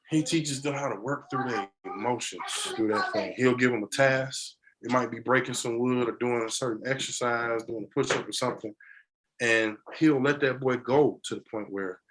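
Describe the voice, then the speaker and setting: A man talking as a podcast guest in a casual conversation, an animated storyteller who laughs often. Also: medium pitch, a little hiss or hum, rough recording.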